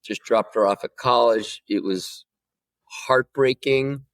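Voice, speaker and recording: A man's voice: medium pitch, takes it slowly, a bit bright. A man in his forties, a podcast guest, telling a candid personal story and swearing freely as he grows emotional. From United States.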